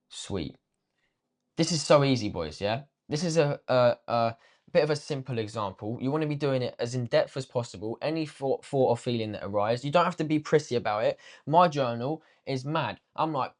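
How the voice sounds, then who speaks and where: A man's voice: medium pitch, expressive, normal speed. A young man teaching a casual trading lesson, slangy and swearing freely, talking straight to viewers. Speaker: trading coach.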